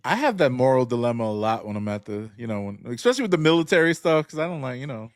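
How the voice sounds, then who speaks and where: A man's voice: medium pitch, fast talker, no echo, studio quality. A man co-hosting a sneaker podcast, telling stories in casual chat and laughing often. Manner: laughs often, relaxed storytelling. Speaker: podcast co-host.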